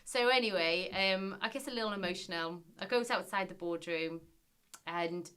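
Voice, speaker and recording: Bright, animated woman telling stories. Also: lowish voice, moderate pace, clean tone. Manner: animated storyteller, acts out quotes. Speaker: guest, former reality TV business contestant. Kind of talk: casual storytelling interview.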